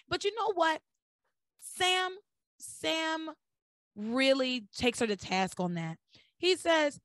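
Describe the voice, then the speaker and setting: A young woman casually recapping soap opera episodes as a podcast host, acting out the characters' lines in lowered voices. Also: slow, no echo. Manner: animated storyteller acting out dialogue in lowered voices. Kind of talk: casual chat.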